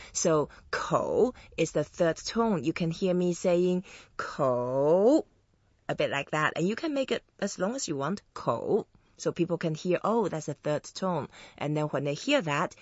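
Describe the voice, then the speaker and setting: A woman hosting an interview who teaches Chinese words, slowing down and stretching sounds to model the tones. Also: low voice, dry recording, lo-fi sound. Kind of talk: friendly interview and language lesson.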